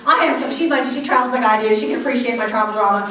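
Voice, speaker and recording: Animated woman in an echoey hall. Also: fairly high pitch, very fast. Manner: animated storytelling with frequent laughs and acted-out quotes. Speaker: keynote speaker. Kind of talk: humorous motivational talk to a live audience. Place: large hall with a live audience. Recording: echoey hall, distant mic, audience noise.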